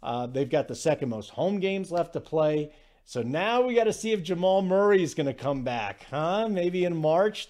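A man's voice: fairly high pitch, a little mellow. A man hosting a sports betting podcast in casual conversational talk, loose, with fillers and restarts.

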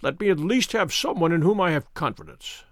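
A man voicing a gravely ill, imperious male detective who speaks in a feeble, croaking voice. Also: on the high side, animated, fairly bright tone, no room sound, clean studio sound. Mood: feverish commanding. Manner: slow, strained, commanding.

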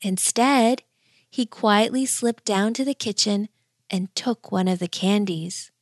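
A woman's voice: mid-range voice, no room sound, clean studio sound. Woman reading a bedtime story. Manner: gentle, measured. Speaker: narrator. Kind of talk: storybook narration.

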